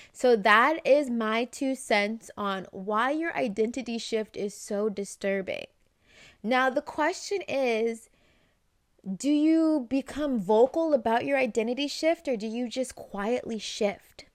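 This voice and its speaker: A woman talks through self-help advice in a loose, conversational vlog style, often tossing in "right?" and quickly acting out little exchanges. Her voice sits a little high. The sound is close and dry, with no room echo. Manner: chatty, acts out quick dialogue snippets, frequent "right?". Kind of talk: casual direct-to-camera advice.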